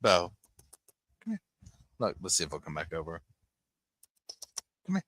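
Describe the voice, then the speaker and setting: A man hosting a casual livestream at home, chatting loosely and cooing softly to his puppies. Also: low-pitched, huge pitch swings, unhurried, long pauses, breathy edge. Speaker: livestream host.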